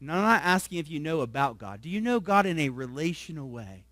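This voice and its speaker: A male pastor preaching a sermon. He keeps asking the congregation questions, tags his points with "right?", and swings from soft, low asides to loud emphasis. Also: animated, fairly quick, dry recording.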